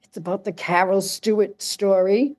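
A woman chatting as a guest, telling stories in a lively way and laughing often. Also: medium pitch, normal speed. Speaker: guest, casting agency co-owner. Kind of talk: casual chat.

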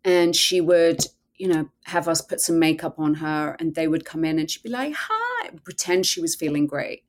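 A woman's voice: sits low, flat delivery, normal speed. A woman guest telling a personal story in a podcast interview, earnest and candid, often quoting her own thoughts.

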